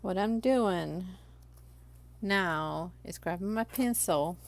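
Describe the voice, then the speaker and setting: A woman's voice: lowish voice, slow pace, vocal fry. A young adult woman from Los Angeles, chatting casually on a live stream and talking viewers through each crafting step.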